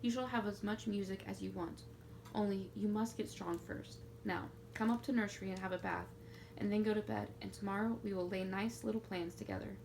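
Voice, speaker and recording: A woman reading a storybook who voices a kind, motherly schoolmistress speaking gently to a boy. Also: medium pitch, fairly even intonation, fairly quick, gravelly, a little hiss or hum, lightly acted, low-quality recording. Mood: soothing. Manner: gentle, soothing.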